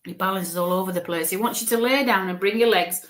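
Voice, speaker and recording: A woman's voice: medium pitch, fast talker, a bit bright. Chatty, reassuring woman giving a spirit reading. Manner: chatty and reassuring, full of "okay" and "bless you"; thinks aloud while relaying spirit messages. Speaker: spirit medium. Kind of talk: live mediumship reading.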